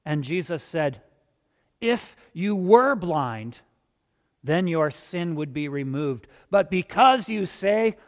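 A man preaching a sermon as pastor, slow and deliberate with dramatic pauses, in a church sanctuary. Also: high voice, animated, big-room sound.

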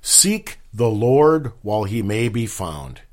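A man with a lowish voice hosts a scripture discussion. He asks questions and lectures at length, pausing often. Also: big pitch swings. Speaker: host. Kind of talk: radio talk show discussion of scripture.

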